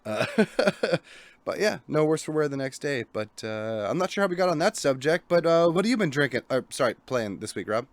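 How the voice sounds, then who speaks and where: A man's voice: fairly high pitch, very animated, fairly quick, dry recording. Jokey rambling male podcast host. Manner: jokey, rambling, self-deprecating. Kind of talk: casual podcast chat. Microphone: studio microphone.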